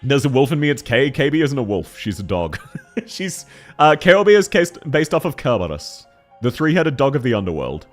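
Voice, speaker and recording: Lively, excitable male streamer. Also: mid-range voice, moderate pace, faint music behind. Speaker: streamer reviewing viewers' game accounts. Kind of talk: casual live-stream chat.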